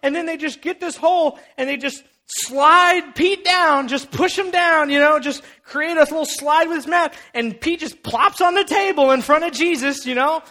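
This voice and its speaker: A young man preaching a sermon, retelling a story in an animated, playful way and acting out the characters. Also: very high voice, moderate pace, hardly any pauses. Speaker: pastor.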